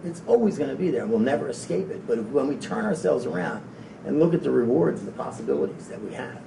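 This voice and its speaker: Gravelly man rambling in an echoey room. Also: expressive, fast. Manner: rambling, stumbling over repeated words. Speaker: motivational speaker. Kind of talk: live motivational talk to an audience. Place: event room. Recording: echoey room from a distance, faint low rumble.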